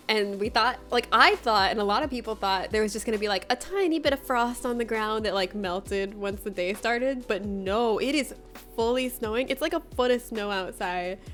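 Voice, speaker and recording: A woman's voice: a little high, a bit bright. A young woman streamer chatting casually with her viewers, bubbly and laughing often as she greets them by name. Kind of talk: casual livestream chat with viewers.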